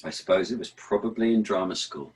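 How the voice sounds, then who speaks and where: A man's voice: low voice, brisk, low-quality recording. A man, an actor and author, telling stories in an interview and chanting verse rhythms aloud. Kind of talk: relaxed explanatory interview talk.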